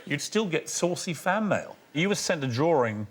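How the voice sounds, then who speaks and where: A man's voice: on the high side, very animated, moderate pace, a little hiss or hum. A man hosting an interview show, asking probing questions with wry, teasing remarks.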